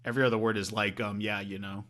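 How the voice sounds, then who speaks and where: A man's voice: lowish voice, level tone, quick pace, fairly bright tone. A man co-hosting a podcast in casual chat, rambling with many fillers and swearing freely. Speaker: podcast co-host.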